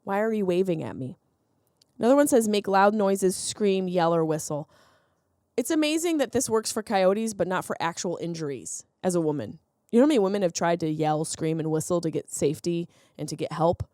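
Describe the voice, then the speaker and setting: A comedian hosting her podcast, a woman giving an animated, sarcastic monologue that keeps jumping into silly voices. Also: lowish voice, a little fast, no echo, studio quality. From Sicilian heritage, lives in Los Angeles.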